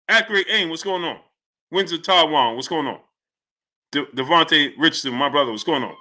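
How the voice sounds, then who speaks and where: A man hosting a livestream about boxing, excitable and reading out viewer messages, swinging between loud outbursts and muttering. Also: on the high side, fairly quick. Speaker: host.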